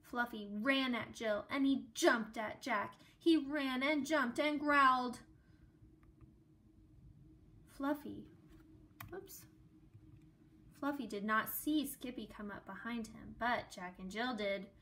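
A woman reading a children's book aloud in a gentle, expressive way, adding small asides. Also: on the high side, slow, long pauses. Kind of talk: storybook read-aloud with asides.

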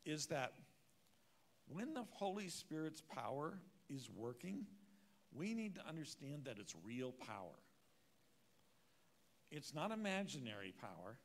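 A man preaching at a church conference, telling a personal story with wry, self-mocking humor. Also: on the high side. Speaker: conference speaker. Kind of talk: storytelling sermon.

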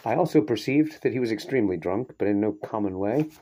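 A man reading a short story aloud in a steady, measured way, now and then breaking off for a brief aside. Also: lowish voice, a little hiss or hum. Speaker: reader. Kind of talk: audiobook narration of a short story.

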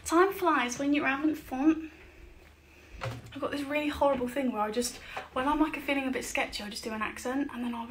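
Woman, singer-songwriter, light higher voice, quick jokey banter between songs at home. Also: steady tone, a bit bright, slight background noise. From England. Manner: chatty, jokey, self-mocking asides. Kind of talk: casual chat between songs at a home livestream gig. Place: her living room at home.

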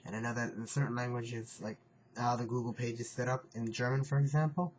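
A man teaching a phrase on his video channel, speaking slowly and carefully, repeating each phrase and clearing his throat now and then. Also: mid-range voice, flat delivery. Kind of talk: casual home video lesson. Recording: dull lo-fi home recording, faint hiss.

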